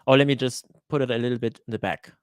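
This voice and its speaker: Man, cooking channel host, live Q&A chat, resonant voice, dry close sound, halting with fillers. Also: mid-range voice, steady tone, clean tone, no room sound. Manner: chatty, greets viewers from the chat by name; hesitant, with frequent "uh" fillers and restarts. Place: lives in Switzerland.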